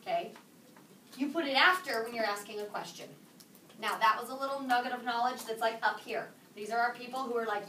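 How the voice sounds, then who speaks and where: A woman teaching a high school Spanish class, playful and lively, quizzing her students. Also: a little fast, slight background noise. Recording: echoey classroom from a distance.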